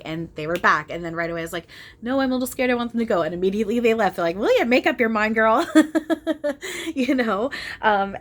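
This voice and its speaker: A young woman talking casually and earnestly at home about her spiritual experiences, animated, with frequent restarts and bursts of laughter. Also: fairly low pitch, a little hiss or hum. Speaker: spiritual channeler and video host. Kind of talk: casual spiritual chat to camera. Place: at home, small room.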